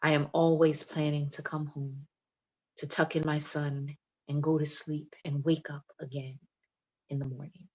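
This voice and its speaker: Low-voiced woman poet on a video call. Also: little pitch movement, measured pace, darkish tone, husky, lo-fi sound. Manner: emphatic, playful and talkative. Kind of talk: poetry reading and chat.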